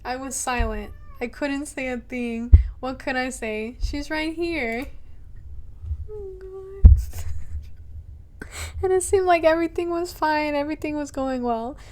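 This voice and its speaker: A woman's voice: high-pitched, moderate pace, hardly any pauses. A woman streamer playing a horror game, reading the game text aloud and reacting with anxious, nervous laughter. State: anxious and jumpy. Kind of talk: horror game let's play. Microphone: headphones with mic.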